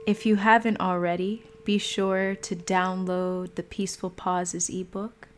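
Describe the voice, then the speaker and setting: A woman hosting a livestream mindfulness talk, speaking calmly and pausing often. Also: on the low side, a little hiss or hum. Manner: slow, calm, pausing often. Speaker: meditation host. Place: home.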